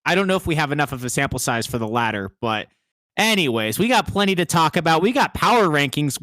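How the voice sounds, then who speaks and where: A man's voice: medium pitch, a bit bright, no room sound. A man co-hosting a casual hockey podcast, laid-back and self-mocking, with the odd swear. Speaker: podcast co-host.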